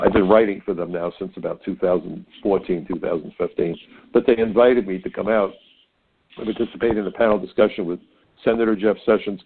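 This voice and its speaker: Through a narrow, phone-like radio sound comes an older man's lowish, slightly rough voice. He hosts a conservative talk radio show, telling stories in a folksy, opinionated monologue and frequently stammering as he repeats words.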